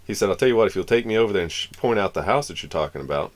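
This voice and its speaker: Low-voiced man telling a rambling story. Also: lively intonation, rapid-fire. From Florida. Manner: rambling, acts out the dialogue of the people in his story. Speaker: streamer. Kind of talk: casual storytelling on a live stream.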